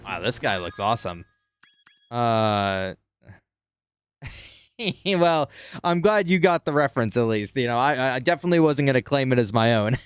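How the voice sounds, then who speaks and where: A man's voice: medium pitch, lively intonation, normal speed, long pauses, clean tone, no room sound, faint music behind. A man streaming a video game, chatting casually with viewers. He giggles often and pokes fun at himself. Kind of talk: casual gameplay commentary.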